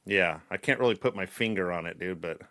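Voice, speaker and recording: A middle-aged man co-hosting a podcast in casual chat, animated, swearing and laughing often. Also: low voice, fairly quick, no room sound, studio quality. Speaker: podcast co-host.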